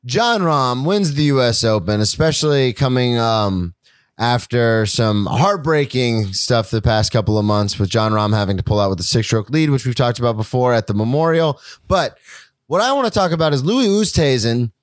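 A man's voice: medium pitch, animated, moderate pace, no room sound, studio quality. Young man rambling about sports. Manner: loose, rambling, swears casually. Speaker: podcast co-host. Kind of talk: casual sports chat.

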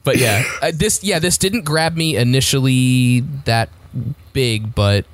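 An enthusiastic male podcast co-host who repeats his words and fills pauses as he talks. The recording is dry and close, with no room sound. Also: medium pitch, no echo. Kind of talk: casual chat about a musical.

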